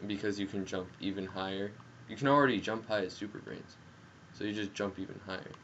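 A young man giving casual, jokey commentary while playing a game, yelling at the action and talking through a headset mic. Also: fairly low pitch, a little fast. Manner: excitable, jokey, yells at the game. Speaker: gameplay commentator. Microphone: gaming headset. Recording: dull headset audio with faint noise.

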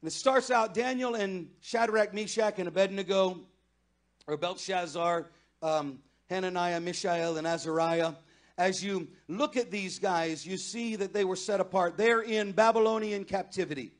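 Pastor type, high-pitched man, sermon delivery that climbs to fervent shouting. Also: moderate pace. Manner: builds from conversational to loud impassioned pleading. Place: church sanctuary.

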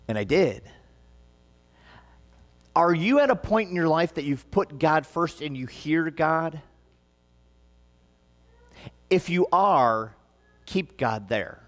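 Earnest Midwestern man preaching in a reverberant church. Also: medium pitch. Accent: Midwestern American. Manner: earnest, conversational preaching with rising emphatic passages. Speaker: pastor. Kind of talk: sermon. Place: church sanctuary. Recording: long reverb of a church hall.

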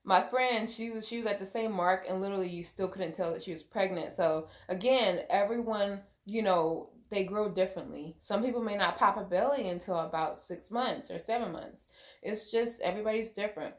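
A young woman with a medium-pitched voice gives a brisk, casual pregnancy update in a vlog recorded in an echoey room. She's chatty and gushing, with lots of ums and likes.

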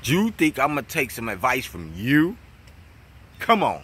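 A young man with a New York accent, delivering a mocking, profane trash-talking vlog rant about a battle rapper, jumping between loud jabs and low mutters. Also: wildly swooping pitch, unhurried, husky. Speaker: battle rap commentator.

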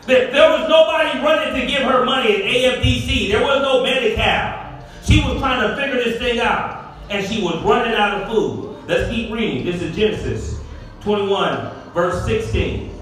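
Male pastor, middle-aged, very high voice, call-and-response sermon, distant mic in a roomy hall. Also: moderate pace. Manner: preaching with call-and-response, rising to shouts. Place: church sanctuary. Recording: echoey hall, far from the mic.

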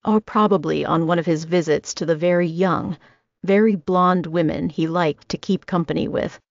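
A woman's voice: fairly low pitch, fairly even intonation, moderate pace, vocal fry, dry recording. A woman narrating a first-person romance audiobook in a wry, confiding manner. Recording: dull lo-fi recording.

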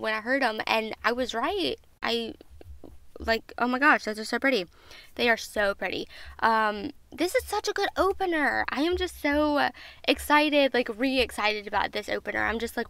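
Bubbly woman, smooth voice. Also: fairly high pitch, normal speed, pushed and bright, no echo. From Southern United States. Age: 20s. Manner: bubbly and gushing. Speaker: podcast host. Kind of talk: casual music review chat.

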